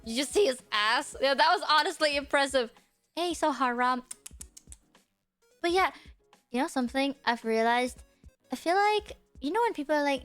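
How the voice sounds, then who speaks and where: High-voiced chatty young woman streamer. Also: normal speed, pauses often, soft background music. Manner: animated, chatty, rambling. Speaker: VTuber streamer. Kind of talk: casual livestream chat.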